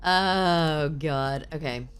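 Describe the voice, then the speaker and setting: A woman streamer in casual live-stream chat, swearing freely and answering her chat aloud with excitable reactions. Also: sits low, very slow, faint music behind.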